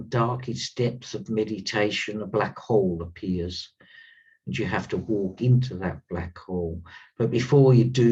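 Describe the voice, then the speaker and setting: Earnest man, husky and distant. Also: lowish voice, warm tone. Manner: earnest, emphatic, repeats words for weight. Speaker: spiritual teacher. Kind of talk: spiritual talk. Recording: slightly distant, dull lo-fi sound.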